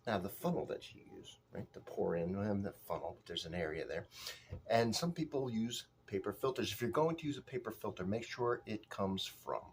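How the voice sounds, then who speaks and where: A man's voice: on the low side, gravelly, slight background noise. A man voicing a pompous, condescending male coffee snob who lectures and sometimes drops to a whisper, in a comedic parody.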